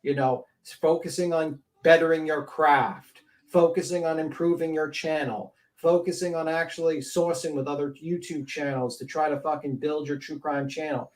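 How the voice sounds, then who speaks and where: A man's voice: a little high, fairly even intonation, moderate pace, few pauses. A man hosting a commentary show, ranting bluntly and scornfully with heavy swearing. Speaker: commentary channel host.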